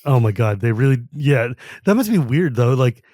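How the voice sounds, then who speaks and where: A man's voice: mid-range voice, big pitch swings, normal speed, mellow, dry recording, studio quality. A man hosting a podcast in a casual chat, joking, laughing often and saying "like" a lot. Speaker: podcast host.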